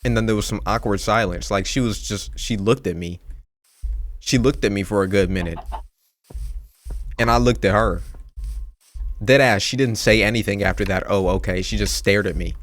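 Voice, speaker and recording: A young man telling a story in casual slang while playing a game, animated and swearing freely. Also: lowish voice, brisk. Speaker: gaming youtuber. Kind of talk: casual storytelling over gameplay. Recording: game music in background.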